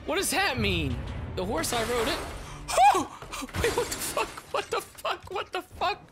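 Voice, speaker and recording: A woman's voice: high-pitched, very animated, unhurried, over loud music. A woman reacting to a horror game, swearing in shrieking disbelief. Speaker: let's player. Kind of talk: gaming reaction commentary.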